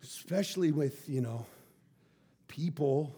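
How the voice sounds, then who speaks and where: A male pastor with a high-pitched voice, preaching to his church in an animated storytelling manner. He tumbles over repeated words and restarts as he tells his tale. His voice lifts brightly above the usual male range. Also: slow pace. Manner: animated, stammering repetitions. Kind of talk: sermon storytelling.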